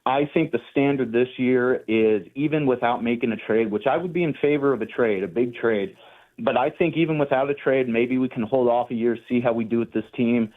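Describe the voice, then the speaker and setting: A man calls in to a sports radio show and rambles with passion about his home teams. His voice comes through a thin, tinny phone line, at a middling pitch. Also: fairly quick. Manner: passionate, rambling fan talk. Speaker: caller. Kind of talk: sports radio call-in chat.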